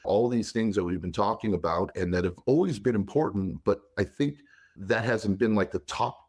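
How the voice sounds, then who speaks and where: A man co-hosting a podcast, chatting casually and telling long, animated, teasing stories. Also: lowish voice, normal speed, breathy edge. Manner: animated, rambling storyteller, teasing. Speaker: podcast co-host. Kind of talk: casual chat.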